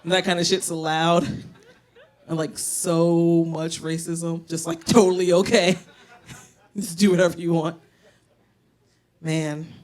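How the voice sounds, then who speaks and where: A woman's voice: lowish voice, flat delivery, takes it slowly, pauses often, a little mellow. Woman, stand-up comic, brash, profane, storytelling, live bar stage, handheld mic. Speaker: stand-up comedian. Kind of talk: stand-up set. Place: comedy bar stage, indoors.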